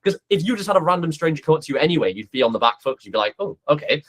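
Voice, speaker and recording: A man's voice: on the high side, very fast. A tired young man co-hosting a casual podcast, rambling with lots of "like" and acted-out quotes. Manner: rambling, animated, full of fillers and acted-out quotes. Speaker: podcast co-host, posing coach.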